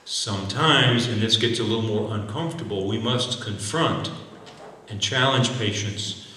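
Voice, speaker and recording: A man's voice: fairly low pitch, normal speed, sharp tone, far from the mic, a little hiss or hum. Echoey man lecturing in a hall. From United States. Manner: earnest, exhortative, with acted doctor-patient examples. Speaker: physician giving a talk. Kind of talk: lecture to medical students.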